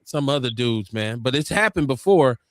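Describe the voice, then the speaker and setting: A man hosting a casual podcast talk show, telling stories with lively quoted voices. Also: medium pitch, moderate pace, no room sound. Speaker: podcast host. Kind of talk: casual chat.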